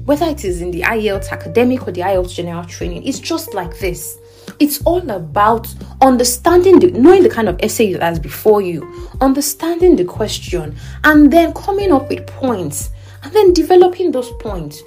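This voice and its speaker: A woman tutor talks through essay writing as she revises her own draft aloud. She keeps stopping to check in with a quick "okay?" Soft music plays faintly under her voice. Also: mid-range voice. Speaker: IELTS writing teacher. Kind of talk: teaching while writing a practice essay.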